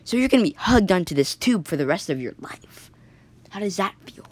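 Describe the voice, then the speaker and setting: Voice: mid-range voice, very animated, breathy edge, pitched above the performer's own voice, exaggerated voice. A storyteller whispering as a menacing hooded captor, whispered role-play. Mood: taunting. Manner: slow taunting whisper.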